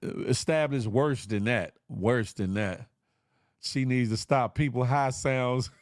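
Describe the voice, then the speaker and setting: A man's voice: medium pitch, takes it slowly, no echo, clean studio sound. A man hosting a live online show, chatting casually with viewers in a loose, joking way, full of slang and sound effects. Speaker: livestream show host.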